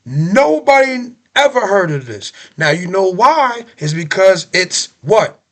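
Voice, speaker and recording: Man with a high voice, AAVE speech, heated reaction rant, repeats points, fires off rhetorical questions. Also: slow pace. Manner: animated, ranting, repeats himself, rhetorical questions. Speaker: reaction video host. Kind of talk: heated political reaction commentary.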